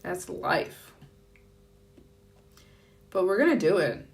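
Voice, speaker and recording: A woman chatting casually on a live stream, upbeat and playful with quick asides. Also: lowish voice, very animated, creaky. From United States. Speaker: travel vlogger. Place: France.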